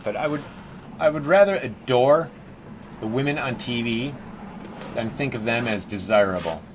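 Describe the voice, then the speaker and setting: A man's voice: medium pitch, a little hiss or hum. A man chatting casually and rambling with jokes as he paints on a live stream, calling his viewers "team".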